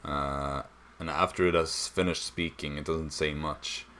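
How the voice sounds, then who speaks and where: A man's voice: very deep voice, steady tone, a little slow, sharp tone, slight background noise. A young man narrating as dungeon master of a tabletop game, hesitant with many fillers. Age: young adult.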